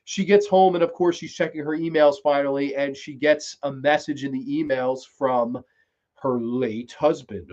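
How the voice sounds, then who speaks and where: A man's voice: a little high, steady tone, a little mellow, lo-fi sound. A man hosting a podcast, casually recapping a TV episode in a rambling, profane way. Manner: rambling, profane, with quick acted quotes. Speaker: podcast host reviewing a TV series.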